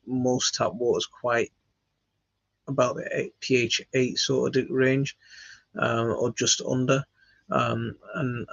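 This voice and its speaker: Gravelly man chatting about gardening. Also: mid-range voice, dry recording. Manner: halting, reading out comments with many fillers. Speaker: channel host answering viewer questions. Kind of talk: casual live Q&A chat. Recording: dull lo-fi, dry.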